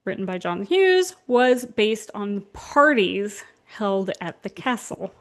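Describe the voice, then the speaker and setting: A woman's voice: mid-range voice, big pitch swings, takes it slowly. A woman hosting a podcast, telling stories in a casual chat full of fillers. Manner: storytelling with fillers and laughs. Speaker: podcast host.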